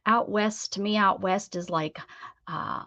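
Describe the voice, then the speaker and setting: A middle-aged American woman hosts a craft livestream, chatting loosely with viewers, laughing and restarting her sentences. Her mid-range voice is steady, bright and forceful, a little slow, and the stream audio is dull, dry and lo-fi with no room sound.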